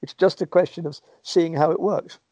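A man's voice: a little high, fairly even intonation, brisk, warm tone, no room sound. A man answering interview questions in a thoughtful, rambling way, often acting out what people might say, heard over a remote call microphone. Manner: thoughtful, rambling, acts out quoted speech.

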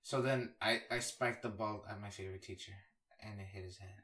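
A man's voice: on the low side, steady tone, fairly quick, fairly bright tone. A young man co-hosting a podcast, chatting casually, rambling from joke to joke and saying "you know" constantly. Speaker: podcast co-host.

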